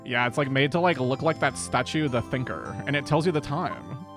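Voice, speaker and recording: A composed older sister and lawyer, voiced by a woman speaks in a low, even voice with gentle, dry teasing. Game music hums in the background. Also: fairly quick. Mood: gently teasing.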